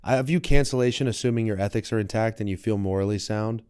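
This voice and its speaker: A young adult man talks as a podcast guest, reflective and animated, slipping into quoted voices now and then. His voice sits low and sounds smooth and mellow. The recording is dry and close, with no room sound. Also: quick pace, dry recording. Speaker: guest, wellness coach and content creator. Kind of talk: casual podcast conversation.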